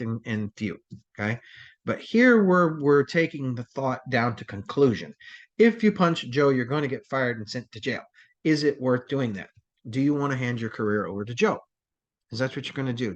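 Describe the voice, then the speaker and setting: A man's voice: medium pitch, lo-fi sound. Rambling man giving a training lecture. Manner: conversational, rambling, many fillers and restarts. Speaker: crisis response instructor.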